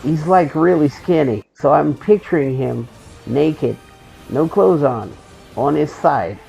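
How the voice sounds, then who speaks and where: A man's voice: a little high, slow, gravelly, a little mellow, soft background music, low-quality recording. A man streaming a game and telling rambling, joking anecdotes in a loose, profane, casual way. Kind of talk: casual storytelling while gaming.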